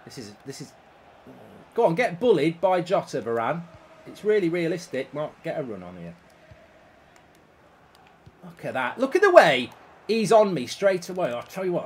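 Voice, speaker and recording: A man's voice: fairly high pitch, big pitch swings, moderate pace, pauses often, a little hiss or hum. A man streaming a football video game, ranting and swearing at the match and answering his viewers' chat. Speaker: gaming streamer. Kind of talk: live game commentary.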